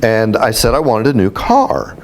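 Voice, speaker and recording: A man speaking as a spiritual teacher, telling stories to a group in an animated, self-mocking way. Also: on the low side, unhurried, a little hiss or hum. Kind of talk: storytelling talk to a group.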